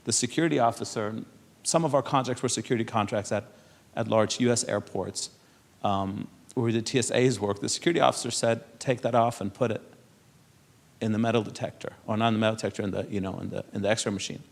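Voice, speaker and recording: Man from Europe, low-pitched, conversational speaker at a public panel, chuckles through his anecdotes. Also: steady tone, fast talker, gravelly. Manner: storytelling, laughs often, repeats words. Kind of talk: conversational speech to an audience.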